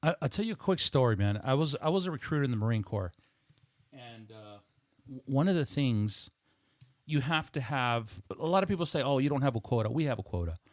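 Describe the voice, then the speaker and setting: A man's voice: mid-range voice, expressive, fairly quick, no room sound, clean studio sound. A man hosting a podcast in casual chat, telling stories with lots of restarts and casual swearing. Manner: rambling storyteller, swears casually, many restarts. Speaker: podcast host. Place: podcast studio.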